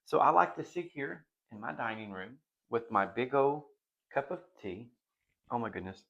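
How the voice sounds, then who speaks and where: A man's voice: mid-range voice, expressive, moderate pace, creaky, a bit bright, highs cut off. A middle-aged man hosting a casual home vlog from his dining room, chatty and rambling, often breaking into giggles. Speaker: vlog host.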